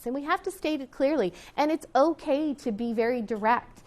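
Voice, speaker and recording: A woman's voice: high-pitched, normal speed, darkish tone. A middle-aged woman teacher and etiquette counselor, chatting to her students as she tells a story from her teaching days, often restarting sentences and adding asides to the class.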